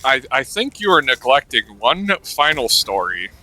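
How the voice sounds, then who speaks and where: Lively, very bright-voiced young man. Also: mid-range voice, moderate pace, no room sound, low-quality recording. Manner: excitable, loud reactions. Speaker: co-host. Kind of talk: casual chat.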